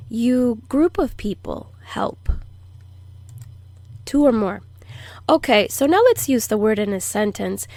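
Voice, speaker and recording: A woman teaching a language lesson, who says each word slowly and clearly for learners to repeat and explains pronunciation patiently. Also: mid-range voice, dry recording. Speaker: Spanish teacher. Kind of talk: slow, deliberate language lesson.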